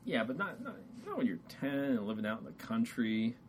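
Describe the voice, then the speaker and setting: A man's voice: medium pitch, sing-song, brisk, slight background noise. A middle-aged man from the American South co-hosting a podcast, rambling and hedging in casual chat, laughing easily. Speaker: podcast co-host.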